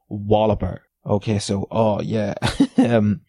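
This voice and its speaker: A man riffs alone on his podcast in a loose, sardonic rant, cursing freely and chuckling at his own jabs. His voice sits on the low side with a warm, mellow tone, and the recording is close and dry. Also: fairly even intonation, moderate pace, no echo. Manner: sweary, sardonic, laughs between lines. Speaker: podcast host. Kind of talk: casual solo rant.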